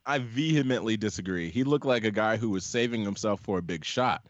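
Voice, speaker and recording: A man's voice: fairly low pitch, a little fast, no room sound, muffled recording. A man co-hosting a podcast in casual sports chat, opinionated and arguing his points at length. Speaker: podcast co-host.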